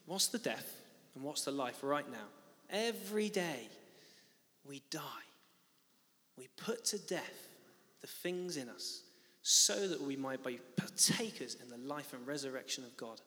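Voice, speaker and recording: A young man with a bright, lively voice preaches, acting out his own story with big swings of pitch. The sound has a long reverb, as if he were recorded in a church hall. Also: a little slow. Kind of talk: sermon with a personal story.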